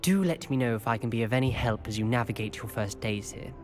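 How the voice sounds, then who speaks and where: A courteous young wizard schoolboy, dry and well-spoken, heard as game audio with music running beneath him. A man voices him at a middle pitch. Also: fast talker, lightly acted. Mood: friendly. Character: young male pure-blood student, polite and wry. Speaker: game character.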